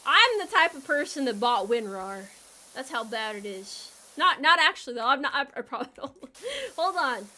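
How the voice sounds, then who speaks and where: A woman's voice: high-pitched, sing-song, normal speed, sharp tone. A young woman streamer chatting casually with her viewers while she plays, rambling and joking and laughing often.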